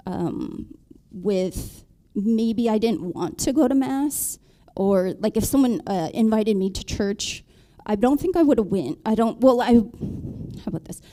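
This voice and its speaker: A married woman on a panel, telling her conversion story in a halting way, with many ums and restarts. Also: mid-range voice, dark tone. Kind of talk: personal testimony in a panel talk.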